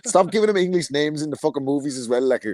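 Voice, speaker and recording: A man's voice: a little high, lively intonation, fast, a little mellow, no room sound. Male co-host, rambling profane banter, dry mic. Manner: rambling, profane, laughing storyteller. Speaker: podcast co-host. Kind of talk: casual podcast banter.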